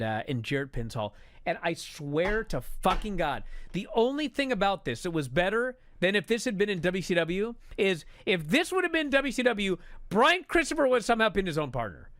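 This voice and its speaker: A man telling a story as a profane, exasperated rant that builds to shouting. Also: high voice, no echo, clean studio sound. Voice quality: animated storyteller. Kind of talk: comedic rant.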